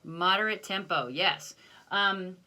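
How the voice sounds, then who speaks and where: A woman's voice: on the low side, slow, pushed and bright, slight background noise. A woman band teacher recording a video lesson, counting off beats and explaining patiently with self-deprecating asides.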